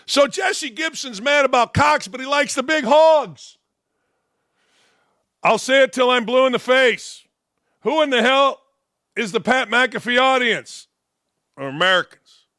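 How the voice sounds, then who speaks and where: A man's voice: very high-pitched, measured pace, pauses often, sharp tone, no echo, clean studio sound. Mocking older man ranting as host. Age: 60s. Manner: mocking, taunting, emphatic. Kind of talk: sarcastic commentary rant.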